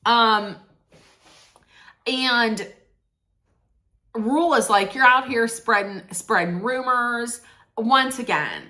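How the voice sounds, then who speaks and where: A woman's voice: on the high side, sharp tone. A woman giving a casual, blunt recap of a reality show, chatting, swearing freely and correcting herself as she goes.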